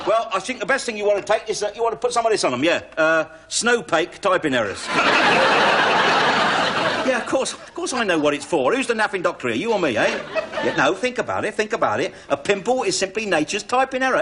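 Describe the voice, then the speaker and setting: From a noisy old TV recording comes a sketch in which a comic actor plays a cheeky middle-aged burglar pretending to be a doctor. His high-sitting male voice is chatty and bluffing, full of tag questions.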